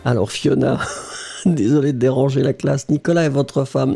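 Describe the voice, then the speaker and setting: Chatty French-accented male teacher, gravelly. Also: medium pitch, fairly even intonation, moderate pace, dark tone. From France. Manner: chatty, laughs often, mixes French into English. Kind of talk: live online language lesson.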